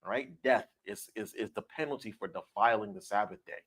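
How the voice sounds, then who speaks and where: A fairly low-pitched man teaching scripture on a livestream. He talks emphatically, driving home each point and checking in with "all right?" and "okay?" as he goes. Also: brisk, fairly bright tone, slightly rough. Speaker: Bible study teacher.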